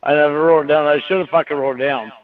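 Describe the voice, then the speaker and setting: A man's voice: on the high side, fairly even intonation, quick pace, a crowd in the background. A very drunk man on a phone call who rambles, slurs and swears. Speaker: phone caller. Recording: tinny phone call, far from mic.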